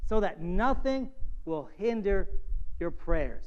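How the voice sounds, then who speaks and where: A man's voice: very high voice, animated, normal speed, clear, resonant tone, dull audio. A man preaching a sermon as pastor, earnest and direct, sometimes acting out the voices of the people and of God.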